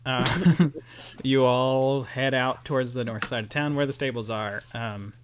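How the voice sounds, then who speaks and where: A man narrating as game master over a call, relaxed and chatty, with fillers and laughs. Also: medium pitch, a little slow, a little hiss or hum.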